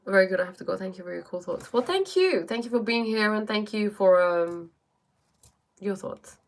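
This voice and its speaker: A woman life coach in casual livestream chat, talking fast and thinking aloud as she answers viewers. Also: mid-range voice, animated.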